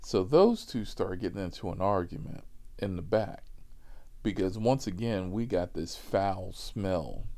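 A man spinning a funny rideshare story in a lively, swooping voice that stays mellow. He swears freely and breaks off for asides. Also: low-pitched, a little slow. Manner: animated, profane, many asides. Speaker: rideshare driver. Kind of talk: casual comic storytelling.

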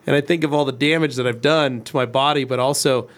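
A man's voice: mid-range voice, steady tone, fast talker, a bit bright. A man in his forties, co-hosting a casual livestream chat and telling rambling stories. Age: 40s. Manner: storytelling, rambling. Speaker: co-host.

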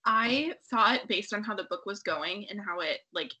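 Young woman, casual book chat, animated delivery with a husky edge. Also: medium pitch, moderate pace. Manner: animated, laughing, acting out her own reactions. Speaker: book club member.

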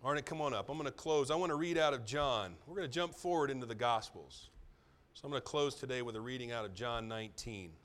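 Talking fast in a medium-pitched voice, a middle-aged pastor preaches a sermon that moves from soft, near-whispered asides to loud, emphatic repetitions.

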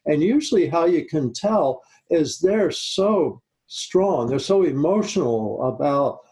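A man speaking as a guest expert, calm and instructive, slowing down on key points in a talk-show discussion. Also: fairly high pitch, slightly rough, rough recording. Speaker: guest expert on high-conflict disputes.

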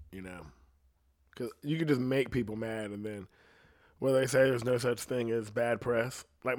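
Rambling profane man hosting a solo podcast. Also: mid-range voice. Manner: loose, profane, rambling with many "you know what I mean". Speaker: podcast host.

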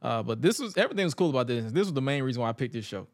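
A man's voice: medium pitch, racing, dry recording, studio quality. A man co-hosting a podcast, casually recapping wrestling and acting out funny quotes. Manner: animated, joking storyteller who acts out quotes. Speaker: podcast co-host.

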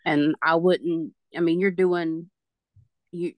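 Host and medium in their thirties, reassuring and encouraging, middle pitch, dry recording. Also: flat delivery, slow pace, dry recording. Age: 30s. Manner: reassuring, passes on messages from spirit. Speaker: podcast host and spiritual medium. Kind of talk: conversational podcast talk.

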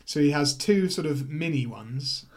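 A man's voice: a little high, lively intonation, unhurried. A man co-hosting a casual film review chat, rambling, laughing often and swearing freely.

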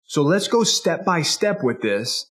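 An energetic, enthusiastic man teaching as a speaking coach in a motivational podcast talk, sometimes acting out a customer and a salesperson. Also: on the high side, a little slow. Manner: energetic and enthusiastic, animated delivery; acts out customer and salesperson dialogue.

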